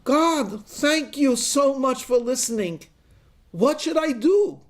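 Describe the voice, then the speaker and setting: A man voicing a desperate male hiker who shouts high, pleading calls for help. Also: normal speed, lightly acted. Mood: relieved.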